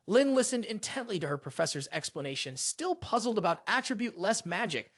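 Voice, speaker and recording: A man's voice: high-pitched, very animated, brisk, few pauses, a bit bright, no room sound, studio quality. A man narrating a story recap in a scripted reading style, voicing the characters' lines in his own narrating voice. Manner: reads every character's lines in the same narrating voice.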